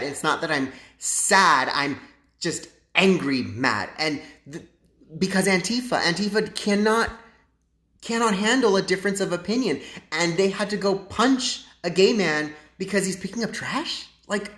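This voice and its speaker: A man's voice: a little high, fairly bright tone. A man hosting a casual livestream and chatting to his viewers in a sassy, campy way. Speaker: livestream host. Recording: echoey room.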